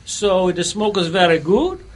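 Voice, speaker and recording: A man's voice: high voice, very animated, a little slow, exaggerated voice. A man doing a put-on bayou gator-hunter voice for a comic cigar review, rambling with lots of fillers. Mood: deadpan rambling. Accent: put-on Southern bayou drawl. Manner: rambling with many "you know" fillers.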